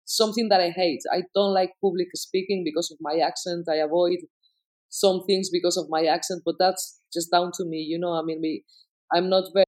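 A speaker from Spain with a Spanish accent and Spanish as their first language, talking in English in a casual conversation, halting and full of fillers like "you know" and "like". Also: mid-range voice, steady tone, a little mellow. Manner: hesitant, full of fillers and restarts.

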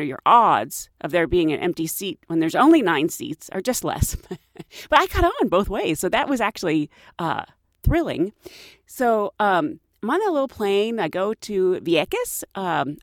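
A woman's voice: medium pitch, no room sound, clean studio sound. A woman hosting her own show, telling a personal story in a chatty, self-mocking way and laughing often. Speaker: podcast host.

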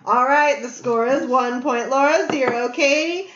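A woman's voice: high voice, a little slow, fairly bright tone, echoey room, highs cut off. A woman playing a trivia game with friends and keeping score, teasing and laughing often. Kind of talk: casual trivia chat among friends.

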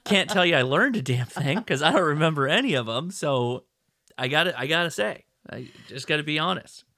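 A man's voice: on the high side, lively intonation, a little fast, bright, forceful tone, no room sound, clean studio sound. An American man co-hosting a podcast, talking in a playful, rambling way and often correcting himself. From United States. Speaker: podcast co-host. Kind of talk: casual chat.

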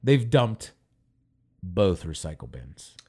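A man's voice: low voice, slow, slightly rough. A man co-hosting a podcast in casual chat, telling stories with energy and acting out the people he quotes. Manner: animated storyteller, acts out people he quotes. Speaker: podcast co-host.

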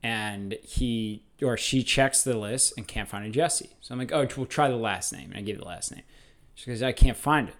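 A man's voice: medium pitch, moderate pace, fairly bright tone. Male co-host from LA; mid-range voice, chatty, rambling storyteller who restarts sentences. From Los Angeles. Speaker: podcast co-host. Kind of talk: casual storytelling chat.

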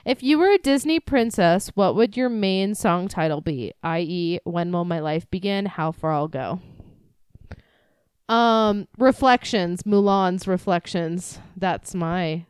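A young woman co-hosting a podcast in casual chat, blunt and animated, swearing freely. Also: slow pace, clean tone, dry recording, studio quality. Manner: blunt, swears a lot, animated, jumps high when mimicking. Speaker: podcast co-host.

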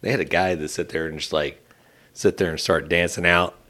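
A man's voice: deep voice, fairly even intonation, brisk, bright, forceful tone. A man hosting a casual podcast, rambling through a loose story and signing off the show. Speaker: podcast host.

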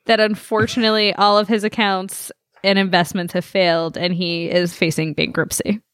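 Brisk woman running a podcast game. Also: mid-range voice, flat delivery, a bit bright, clean tone, dry recording. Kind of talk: casual podcast banter.

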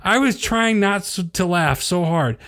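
A man's voice: high voice, lively intonation, a little slow, a bit bright. A middle-aged man co-hosting a podcast, telling a story in casual chat and laughing as he talks. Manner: rambling, laughs through stories. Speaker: podcast co-host.

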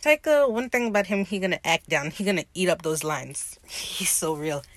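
A woman's voice: fairly low pitch, moderate pace, no echo. Opinionated woman podcaster, dry close sound. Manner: opinionated, slangy and profane, animated retelling. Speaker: podcast host recapping a TV episode. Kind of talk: casual chat.

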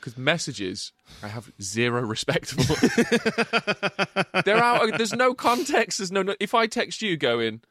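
A man with an English Midlands accent co-hosting a casual film podcast. He swears a lot, apologises constantly, and gets animated when he goes off on a tangent. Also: on the high side, measured pace, no room sound, clean studio sound. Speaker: podcast co-host.

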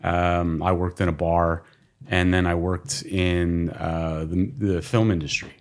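A man as a podcast guest, telling stories in a casual, animated way, often laughing and imitating people. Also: sits low, takes it slowly. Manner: laughing, animated storyteller who mimics people. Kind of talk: casual storytelling.

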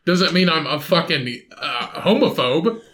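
A man with a Midwestern accent holds forth on a casual podcast, swearing freely and arguing back. His voice sits a bit high and comes across forceful and bright. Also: animated, measured pace. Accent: Midwestern American. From American Midwest. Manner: brash, swears a lot, argues back. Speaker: podcast co-host. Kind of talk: casual chat.

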